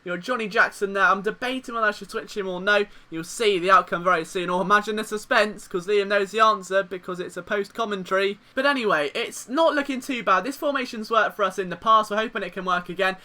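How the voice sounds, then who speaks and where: Young lad, let's-play commentator: very high, very bright, excitable and jokey, faint game music underneath. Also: male voice, fast, few pauses. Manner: excitable, jokey, swings from despair to cheering. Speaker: gaming commentator.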